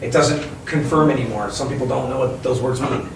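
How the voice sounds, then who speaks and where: A man who owns a bookstore, chatting casually in an interview, rambling and animated as he tells stories. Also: medium pitch, fairly quick, creaky, noisy background. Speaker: bookstore owner and author. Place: inside his bookstore. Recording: echoey room, mic at a distance.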